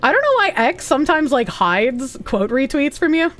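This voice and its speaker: A woman's voice: sits high, very animated, normal speed, a bit bright, faint music behind. A woman streamer chatting casually and bluntly as she reacts to posts, swearing freely and laughing often.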